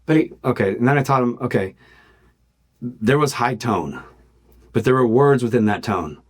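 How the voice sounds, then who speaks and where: A man's voice: mid-range voice, expressive, moderate pace. A middle-aged man hosting a podcast, telling a personal story in an earnest, casual way with many restarts. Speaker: podcast host and youth football coach.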